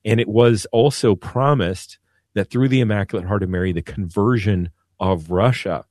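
A man with a fairly low voice talks earnestly as a priest guest on a radio show. He often stumbles and repeats words. The studio sound is close and dry. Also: moderate pace, darkish tone, no echo. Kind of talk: radio talk on devotion.

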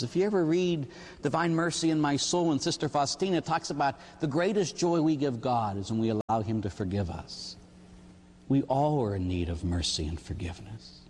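An older man preaches as a priest, his voice mid-pitched and conversational. He tells stories with animated asides and tags many points with a quick "huh?". Long reverb trails his words, as in a large church hall. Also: slight background noise. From Pittsburgh area. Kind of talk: sermon.

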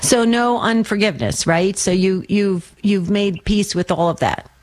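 A woman's voice: medium pitch, a little slow. Encouraging woman radio host. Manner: warm, encouraging, affirming. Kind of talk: call-in radio hosting.

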